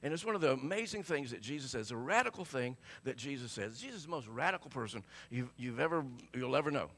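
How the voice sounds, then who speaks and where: A man's voice: mid-range voice, lively intonation, fast, fairly bright tone. A man preaching a sermon, telling a personal story and acting out both sides of the dialogue, often repeating and restarting his words. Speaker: pastor.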